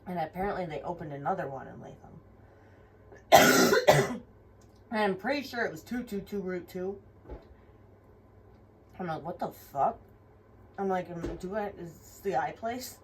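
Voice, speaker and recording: A woman's voice: lowish voice, expressive, moderate pace, pauses often. Rambling, profane young woman. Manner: rambling, frank and profane, full of fillers. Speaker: vlogger. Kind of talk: casual personal storytelling. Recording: somewhat distant mic with faint room noise.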